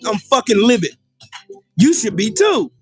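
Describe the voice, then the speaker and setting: A man's voice: extremely high pitch, sing-song, a little slow, faint music behind. A man hosting a livestream, in a furious, profane political rant, taunting viewers with repeated questions. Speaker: livestream host.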